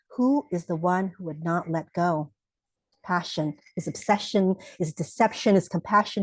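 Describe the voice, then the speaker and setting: A woman's voice: on the low side, a little mellow, dry recording, poor audio. A woman reading her own poem aloud with a lyrical, dramatic delivery. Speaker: poet reading her work.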